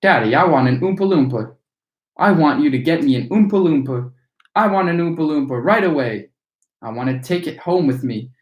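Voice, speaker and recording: A whining, spoiled little girl, voiced by a man reading aloud, pitched up and loud. She insists on everything at once. The room gives the voice an echo. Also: lively intonation, brisk, lightly acted. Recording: echoey room.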